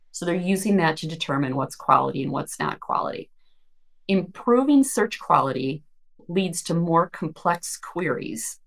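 A woman co-hosting a podcast, explaining things thoughtfully at length, often restarting her sentences. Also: lowish voice. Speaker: podcast co-host. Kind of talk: casual discussion of search marketing news.

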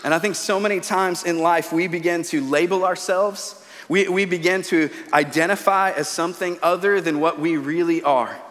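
A man's voice: a little high, steady tone, normal speed, a bit bright. A man in his thirties, a pastor giving a sermon in a church auditorium, telling stories in a conversational way with frequent restarts. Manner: conversational storytelling with repeated restarts. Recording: long hall reverb.

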